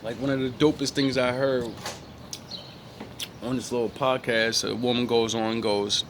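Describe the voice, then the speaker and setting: An American vlogger delivers a blunt, profane opinion rant, mocking his targets and laughing between points. His mid-range voice is flat and moderately paced with long pauses, and crowd noise is audible.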